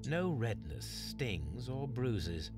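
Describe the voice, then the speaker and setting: An actor playing a calm Victorian detective in a video game, measured and formal. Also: male voice, medium pitch, over music. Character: calm Victorian male detective Sherlock Holmes. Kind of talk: game voice acting.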